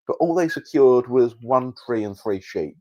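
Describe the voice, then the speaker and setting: A man's voice: mid-range voice, expressive, moderate pace, warm tone, no echo, lo-fi sound. A man co-hosting a comedy podcast, telling historical anecdotes in a matter-of-fact way. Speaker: podcast co-host. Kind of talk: casual comedic chat.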